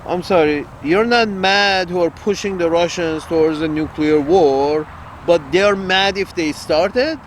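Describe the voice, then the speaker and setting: A man talks in a slow, unhurried drawl, with a voice sitting a little high for a man. He rambles bluntly and crudely, circling back to repeat his points, with faint traffic noise behind him outdoors. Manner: blunt, crude, repeats himself, laughs at own jokes. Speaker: online commentator. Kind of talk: rambling political monologue.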